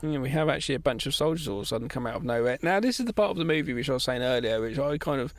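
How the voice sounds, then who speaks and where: A man's voice: medium pitch, animated, very fast, no room sound. Chatty man on a dry mic. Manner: chatty, swears, critical opinions. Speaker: podcast co-host. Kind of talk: casual film discussion.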